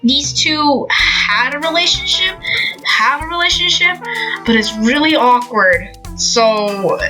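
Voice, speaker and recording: A young woman chats through a manga recap on her podcast with a bright, forceful voice, rambling with plenty of fillers. She acts out the characters' lines as she goes, and faint music plays softly behind her. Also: fairly high pitch, rough recording. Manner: rambling, filler-heavy retelling with acted-out quotes. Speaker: podcast host. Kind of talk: casual chat recapping a manga.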